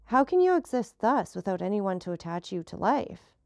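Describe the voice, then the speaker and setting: A woman reading a sorrowful countess for an audiobook, her lines plaintive and pleading. The voice has a gravelly edge. The sound is dry and close. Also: medium pitch, big pitch swings, normal speed, a little mellow, no echo.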